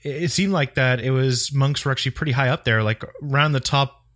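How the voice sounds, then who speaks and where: Male podcast co-host, mid-pitch, loose rambling delivery. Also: brisk, fairly bright tone. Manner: rambling, many restarts and fillers. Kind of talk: casual gaming chat.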